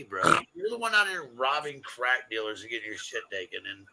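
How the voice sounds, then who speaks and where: A man's voice: medium pitch, very animated, fairly quick, heavy background noise. A man, a podcast guest, telling a rambling, profane anecdote in casual talk. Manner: swearing, rambling anecdote with acted-out quotes. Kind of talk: casual storytelling.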